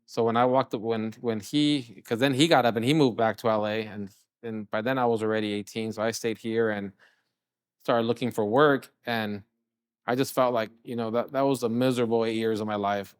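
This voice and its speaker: A middle-aged chef and restaurant owner from California, appearing as a guest on an interview show, talks a little fast in a clean, medium-pitched voice. He tells casual, animated stories and often acts out quoted lines, heard in a dry, studio-quality recording.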